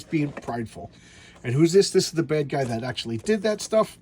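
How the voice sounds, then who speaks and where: A man's voice: mid-range voice, fairly quick, warm tone, slight background noise. A man giving casual show-and-tell commentary on a comic book. He rambles, stumbles over his words and restarts, and chuckles to himself along the way.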